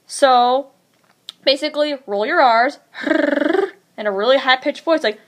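Woman vlogger with a higher-than-average voice. Casual, hesitant, rambling tutorial delivery. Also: unhurried. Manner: rambling and hesitant, with many fillers.

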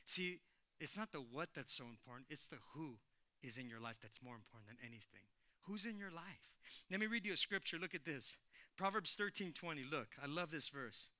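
A male pastor preaches with a high, very bright and forceful voice. He is animated, repeats his lines for emphasis and turns to the congregation again and again. The sound is dry and close. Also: a little fast, dry recording. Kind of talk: lively sermon. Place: church sanctuary.

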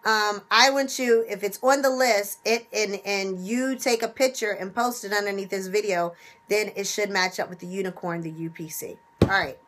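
A woman hosting a casual instructional talk, animated, who acts out little scenes while she explains. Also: medium pitch, moderate pace, slight background noise. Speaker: penny shopping video host.

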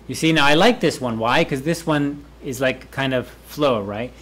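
A man's voice: mid-range voice, normal speed, hardly any pauses, a bit bright. A man who is a university professor, giving a classroom lecture and repeating key phrases for students to echo.

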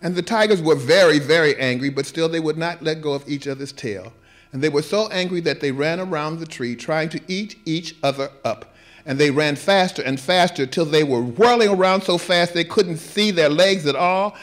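A man's voice: on the high side, moderate pace. A male performing artist reading a children's story aloud at a live gallery event and breaking off for wry, laughing asides.

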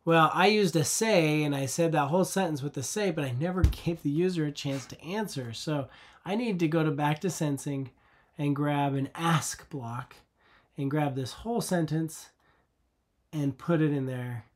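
A man's voice: a little high, moderate pace. A man teaching a coding lesson over a screen recording, patient and conversational, often asking the viewer rhetorical questions.

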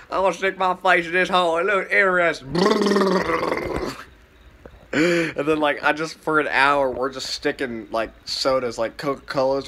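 A man's voice: mid-range voice, a bit bright. A young man vlogging and telling a rambling, profane, laid-back story full of fillers.

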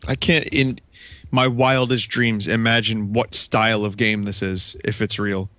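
A man's voice: lowish voice, level tone, a little slow, sharp tone, no room sound. A man co-hosting a casual podcast, laid-back and hesitant while guessing, swearing casually.

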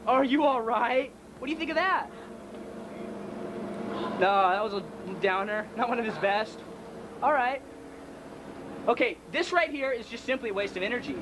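Hyper goofy teenage guy, high voice. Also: animated, normal speed, long pauses. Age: teens. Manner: loud, hyper, joking. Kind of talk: goofy home video clowning. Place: indoors, convenience store. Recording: noisy home camcorder audio.

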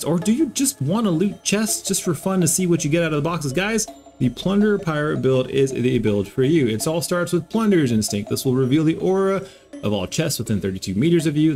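A man's voice: fairly high pitch, darkish tone. Upbeat man explaining game builds. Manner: upbeat, talks straight to viewers as "guys". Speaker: gaming YouTuber.

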